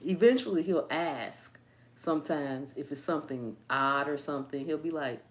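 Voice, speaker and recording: A woman's voice: medium pitch, very animated, a little slow, pauses often, darkish tone. A woman hosting a gardening channel, chatting casually and reading viewer comments, playful and laughing often.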